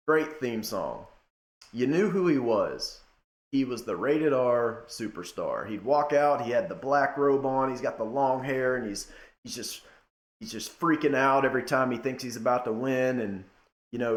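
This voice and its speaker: A young man giving a casual rant to camera, emphatic, swinging between loud outbursts and low muttering. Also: echoey room. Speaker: wrestling commentator.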